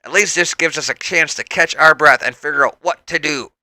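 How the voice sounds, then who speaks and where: A fierce young mutant team leader, played by a man, firm and commanding. His calls come out bright and forceful. The recording is close and dry. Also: a little high, brisk, dry recording, voice pushed up.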